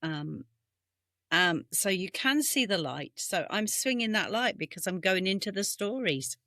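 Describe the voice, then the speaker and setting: Unhurried British woman telling stories. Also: mid-range voice, lively intonation, sharp tone, no room sound, clean studio sound. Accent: British English. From England. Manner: meandering, self-correcting, unhurried. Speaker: podcast co-host. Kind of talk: casual storytelling chat. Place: home room on a video call. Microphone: webcam mic.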